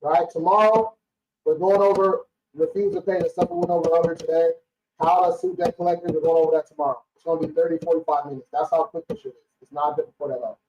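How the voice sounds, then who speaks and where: A blunt, slangy young man, fired up and cursing as he talks, his voice set fairly high with a mellow, soft-edged tone. He sits some way from the mic in a roomy space, and the stream audio comes through dull and lo-fi. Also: fairly even intonation, quick pace, distant mic, a little hiss or hum. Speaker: credit repair business owner hosting a live stream. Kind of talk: casual live-stream talk.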